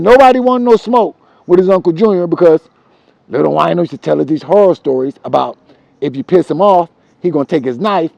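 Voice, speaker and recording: A man telling street stories from his childhood in a casual, profane, animated way, repeating himself for emphasis. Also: high voice, quick pace, vocal fry, no room sound, poor audio. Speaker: storyteller.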